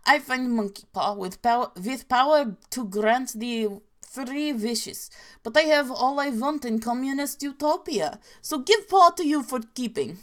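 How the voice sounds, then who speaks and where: Woman voicing a cartoon Russian storyteller, raised pitch, grave and deadpan. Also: full character voice. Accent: put-on cartoonish Russian. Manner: dropped articles, mock-solemn delivery. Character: deadpan Russian peasant-joke teller, gruff. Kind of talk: reading jokes aloud in a put-on voice.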